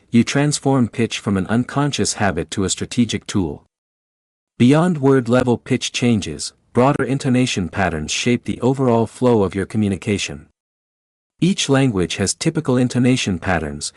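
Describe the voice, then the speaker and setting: A man giving scripted, measured, instructive narration about speaking skills. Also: lowish voice, a little mellow, dry recording, studio quality.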